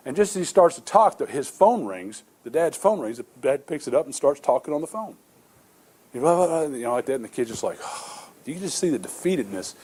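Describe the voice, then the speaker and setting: A man's voice: on the high side, sing-song, a little fast, a little mellow, slightly rough. A middle-aged male pastor preaching a sermon, telling stories earnestly with many repeated restarts.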